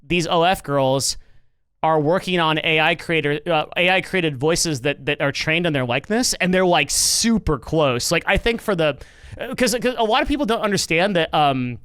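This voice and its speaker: A man's voice: fairly high pitch, expressive, moderate pace, a bit bright, smooth, no room sound. A man streaming and reacting to news in casual commentary, rambling with lots of fillers, restarts and swearing.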